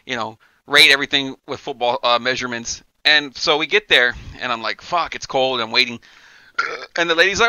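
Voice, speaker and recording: Speaking briskly in a mid-range voice with a clear, resonant tone, a man co-hosts a podcast and tells an extended, profane story in relaxed chat. He animatedly acts out what each person said. There's no room sound, though the recording quality is low.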